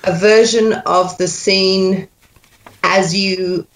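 A woman's voice: medium pitch, fairly even intonation, takes it slowly. A woman coaching an actor on an accent, patiently drilling sounds over and over. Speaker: dialect coach.

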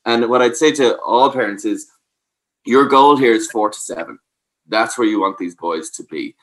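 In a mid-range voice at normal speed, a man shares advice as a parenting expert. Patient in his explanations, he keeps asking "does that make sense?" to confirm the listener understands.

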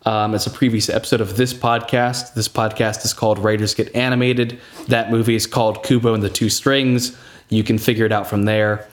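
A man's voice: fairly low pitch, little pitch movement, fairly quick. Chatty male podcast host. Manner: chatty, laughs often, reads out lists. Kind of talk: casual chat.

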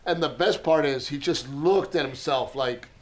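A man's voice: a little high, moderate pace, a little hiss or hum, poor audio. A man in his thirties, a podcast co-host, telling family stories in a casual chat, laughing often and acting out his son's lines.

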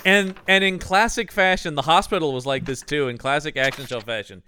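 A man's voice: fairly high pitch, a little fast, crowd noise. A man co-hosting a comedy movie podcast, talking casually with laughs and profanity. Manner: animated, laughing, profane riffing. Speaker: podcast co-host.

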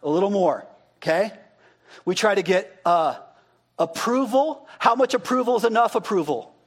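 This is a pastor delivering a sermon in a loose, chatty way. His voice sits notably high for a man. He keeps turning to the people in front of him with questions and repeats what they call out. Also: moderate pace, breathy edge. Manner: conversational, asks the congregation questions and repeats their answers. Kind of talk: interactive sermon.

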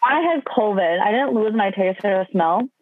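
A woman's voice: mid-range voice, normal speed, dry recording. A young woman in her twenties from Wisconsin, a podcast guest telling stories casually, full of "like" fillers. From Wisconsin, USA. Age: 20s. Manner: chatty, lots of "like" fillers. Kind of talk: casual storytelling. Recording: dry phone-line sound.

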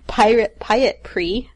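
A woman's voice: on the high side, very slow, dry recording. A woman hosting a podcast, casually recapping an episode and laughing often. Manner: laughs often while talking. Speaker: podcast host.

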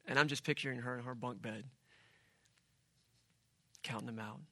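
Middle-aged male pastor, animated conversational sermon, bright voice, dry close sound. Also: medium pitch, moderate pace, no echo. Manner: animated, conversational preaching with asides.

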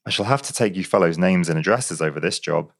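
A man voicing a gruff, blustering male policeman who growls and lectures in a pompous, bossy way. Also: low-pitched, fast talker, fairly bright tone.

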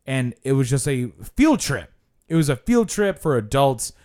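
Man, podcast host, lively pitch, rambling profane storytelling, casual chat. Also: moderate pace. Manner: animated, profane storytelling with frequent "like".

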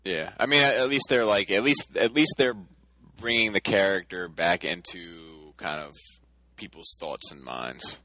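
A man's voice: sits low, unhurried, pushed and bright, no room sound, low-quality recording. A man chatting casually as a podcast co-host, agreeable and slangy, with some swearing. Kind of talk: casual chat.

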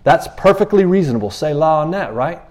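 A man's voice: on the high side, fairly quick. A man preaching in a loose, conversational way, repeating himself and briefly acting out the people he quotes. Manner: animated, repeats himself, acts out quotes in passing. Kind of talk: conversational sermon.

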